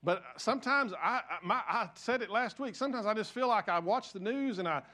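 An older man preaching a sermon, telling stories with self-deprecating humor and swinging from loud emphasis to soft, hushed lines. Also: high voice, lively intonation, a little fast. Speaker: pastor.

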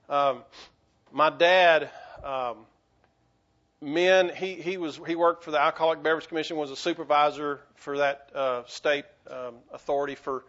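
A man preaching a sermon as a pastor, earnest, with frequent stammered restarts, rising to urgency and dropping to quiet, halting lows. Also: muffled recording.

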